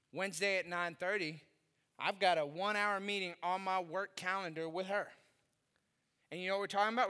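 A middle-aged male pastor preaching with a very high, piercingly bright voice. He tells humorous stories with animated delivery and sudden shouts. His voice rings out with the long reverb of a big hall. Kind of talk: sermon.

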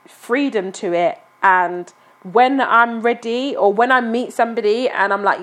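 A woman's voice: fairly high pitch, a little slow, a bit bright. A young woman talking in a casual chat, often asking "do you know what I mean".

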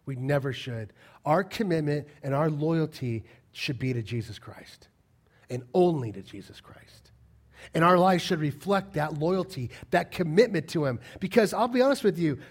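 A man's voice: high-pitched, expressive, moderate pace. Emphatic male pastor preaching. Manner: emphatic, rhetorical questions, swings between loud and quiet. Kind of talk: sermon.

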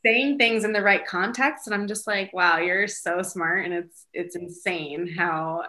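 A woman's voice: fairly low pitch, measured pace, sharp tone. A woman, a single mother, chatting casually in an interview with many fillers and light laughs. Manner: chatty, lots of fillers, giggly.

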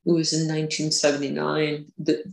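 A woman's voice: sits low, completely flat delivery, brisk, vocal fry, darkish tone. A woman guest recounting personal experiences, hesitant, with many restarts and fillers. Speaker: interview guest. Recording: roomy echo.

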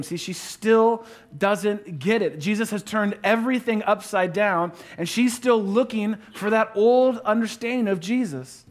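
Male pastor, high voice, storytelling sermon, playful asides, hushed reflective passages. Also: moderate pace.

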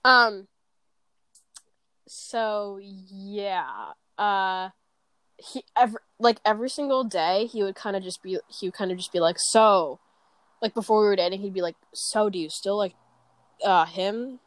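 A woman's voice: mid-range voice, a little slow, fairly bright tone, no echo. A teenage girl in casual chat, rambling and swearing, with many fillers and restarts. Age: teens. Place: bedroom.

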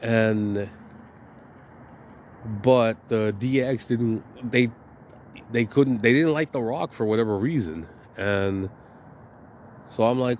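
A man's voice: on the low side, lively intonation, measured pace, long pauses, darkish tone, slight background noise. A man hosting a podcast, talking casually in a rambling, profane and emphatic way. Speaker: podcast host.

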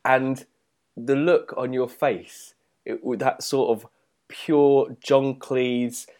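A man's voice: mid-range voice, little pitch movement, takes it slowly, a little mellow. A man co-hosting a podcast in casual chat, teasing and dry, often laughing. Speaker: podcast co-host.

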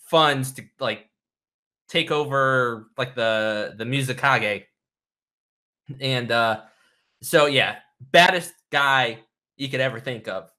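Slow, rambling man with a bright voice. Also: mid-range voice. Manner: rambling, filler-heavy, enthusiastic storytelling. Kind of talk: casual chat about anime.

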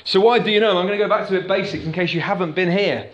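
A man gives a sermon in a church, talking conversationally and putting questions to the congregation. His voice sits a little high. The room around him is echoey. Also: rapid-fire, fairly bright tone, dull audio. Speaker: pastor. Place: church hall.

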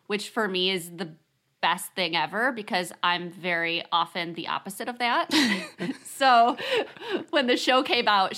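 A woman's voice: medium pitch, bright, forceful tone. A woman co-hosting a podcast, chatting casually and animatedly with frequent laughs. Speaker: podcast co-host. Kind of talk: casual chat.

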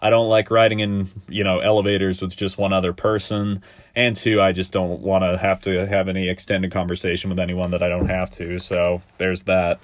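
A man's voice: low voice, level tone, no echo. A young man casually recapping a TV episode, rambling with lots of fillers and side remarks. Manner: rambling, laid-back, lots of fillers and quick asides. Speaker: podcast host.

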